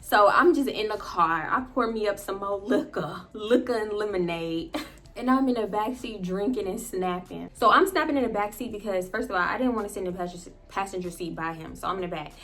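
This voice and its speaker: With a brisk, medium-pitched delivery, a woman vlogs about a personal experience. Her telling is casual and lively, punctuated by laughter and frequent asides to viewers.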